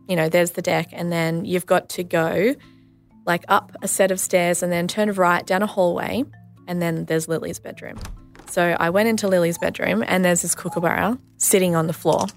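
Chatty woman with a lowish voice. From Australia. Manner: chatty, lots of "like" and "you know", quick asides. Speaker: guest, nurse and mother. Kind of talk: casual storytelling interview.

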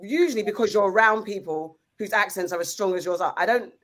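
A woman's voice: mid-range voice, quick pace. A woman, co-hosting a podcast in casual, emphatic chat, asking pointed rhetorical questions. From England. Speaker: podcast co-host.

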